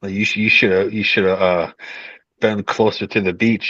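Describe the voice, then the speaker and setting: Low-voiced man on a muffled line. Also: little pitch movement, moderate pace, bright, forceful tone, dry recording. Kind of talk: casual live-stream chat.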